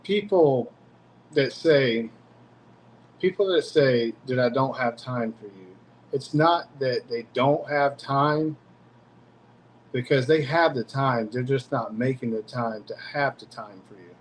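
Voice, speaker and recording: Relaxed man chatting, faint background hiss. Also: medium pitch, slow pace, low-quality recording. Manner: relaxed, repeats words when starting. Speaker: host. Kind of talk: casual chat.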